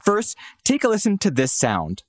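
A man's voice: sits high, huge pitch swings, moderate pace, no room sound, studio quality. Playful pun-loving male podcast host. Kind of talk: casual news podcast banter.

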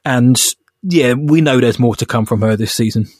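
A man's voice: medium pitch, moderate pace, a little mellow, no echo, clean studio sound. A man co-hosting a podcast in casual chat, an enthusiastic fan who laughs often. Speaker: podcast co-host.

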